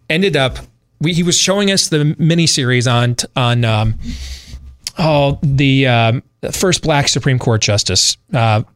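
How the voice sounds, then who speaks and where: Rambling, animated male talk host. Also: on the high side, dry recording, studio quality. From Michigan, USA. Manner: rambling, animated storyteller with frequent fillers and laughs. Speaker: radio talk show host. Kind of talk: casual storytelling on a talk show.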